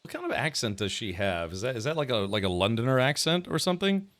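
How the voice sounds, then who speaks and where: A man's voice: mid-range voice, huge pitch swings, fast, fairly bright tone. A man streaming a video game, casually thinking aloud and chatting with viewers in a rambling way. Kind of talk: casual gameplay commentary.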